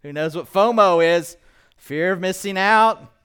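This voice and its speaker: A male pastor preaching a sermon to a congregation, animated and quizzing the listeners with questions. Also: high-pitched, a little slow, clean tone. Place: church, in front of a congregation.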